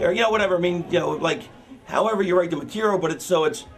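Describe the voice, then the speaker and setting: A man's voice: high-pitched, very fast, gravelly. A man talking a younger wrestler through a match plan in a rambling, profane way, full of "you know". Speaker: veteran wrestler coaching a younger wrestler. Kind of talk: casual backstage planning talk. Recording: music playing in the background.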